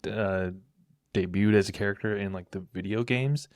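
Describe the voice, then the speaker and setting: A man co-hosting a podcast in casual chat, explaining things hesitantly with many pauses and fillers. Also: on the low side, no room sound, studio quality. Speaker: podcast co-host.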